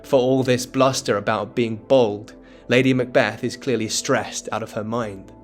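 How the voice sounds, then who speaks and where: A man giving scripted educational narration that explains a play, in a measured, dramatic storytelling tone. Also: mid-range voice, fairly even intonation, soft background music. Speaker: literature explainer.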